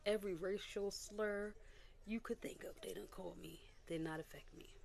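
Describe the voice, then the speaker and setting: A woman's voice: medium pitch, normal speed, creaky, a little hiss or hum. A young adult woman sharing a candid personal testimony as a casual vlog, talking animatedly and acting out what people said. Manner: candid and animated, with quoted voices and little laughs. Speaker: vlogger.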